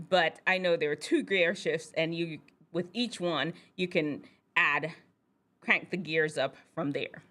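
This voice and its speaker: A woman doctor hosts a show for teens and tells a personal story in a casual, talkative way. Her voice sits a little low yet sounds bright and forceful, and it swings widely as she talks. She laughs easily between her sentences. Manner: animated, chatty, laughs often. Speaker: host, physician.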